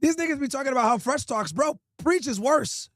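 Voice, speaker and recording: A man with a strikingly high voice, his pitch leaping around as he mocks and roasts with nonstop swearing. He speaks loud and animated, close to a dry mic with no room echo. It comes across as an unfiltered podcast host on a tear. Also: a little fast. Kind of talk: profane comedic roast.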